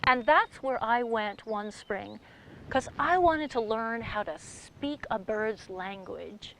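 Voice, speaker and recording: A woman storyteller telling a tale in a playful, animated way, with sound effects. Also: a little high, slow pace, slight background noise, low-quality recording. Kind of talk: oral storytelling performance.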